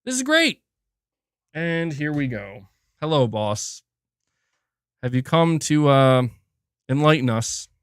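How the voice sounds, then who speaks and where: With a mid-range voice, a slow pace, and frequent pauses, a man delivers casual, profane, animated gaming commentary. He restarts sentences and breaks into mocking impressions. The tone is clean, studio quality, with no room sound.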